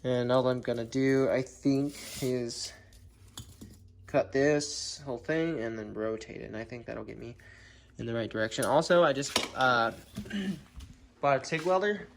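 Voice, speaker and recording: A man's voice: medium pitch, unhurried, a little hiss or hum. Casual man rambling through a car-build update. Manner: rambling, clears his throat often, relaxed fillers. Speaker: car builder showing his project.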